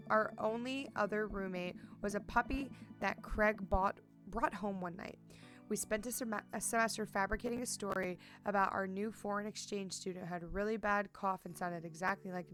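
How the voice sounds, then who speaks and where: Woman reading as a soft-hearted dad. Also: medium pitch, normal speed, faint music behind, close to an everyday voice. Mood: joking. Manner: gentle, earnest. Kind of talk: reading game dialogue aloud.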